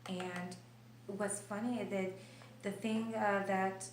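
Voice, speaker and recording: A woman vlogging about her illness in her kitchen, telling her story with animated gestures and sometimes dropping to a quiet whisper. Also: mid-range voice, takes it slowly. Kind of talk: personal video diary. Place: kitchen of an old house. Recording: roomy, distant mic with faint noise.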